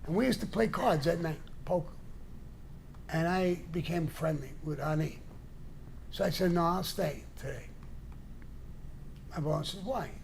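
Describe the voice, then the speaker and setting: A gravelly older man, appearing as a guest storyteller on a casual live show, spins profane, blunt tales and voices their characters. His voice is a little high with a darkish tone, unhurried and full of pauses, over a faint hiss or hum.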